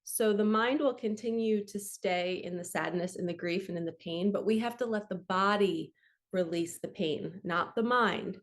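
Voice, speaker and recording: A woman's voice: mid-range voice, moderate pace. Earnest woman reading spiritual guidance. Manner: gentle, earnest, laughs easily. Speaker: spiritual coach and card reader. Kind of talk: casual reading aloud from a book with commentary. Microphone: camera.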